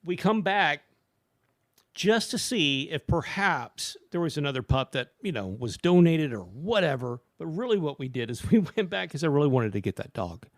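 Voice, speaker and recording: A middle-aged man hosting a podcast, telling a long story in casual chat and swinging into loud, high quoted voices. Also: sing-song, moderate pace, no echo, studio quality. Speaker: podcast host.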